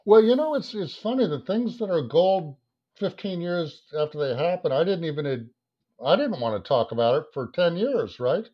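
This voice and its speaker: A man's voice: fairly high pitch, moderate pace. A man in his fifties, an advertising creative director, telling a long story as a podcast guest, swearing and acting out his own thoughts. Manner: animated, swearing, acts out his own inner voice. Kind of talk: anecdotal storytelling in a podcast interview. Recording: dull lo-fi sound.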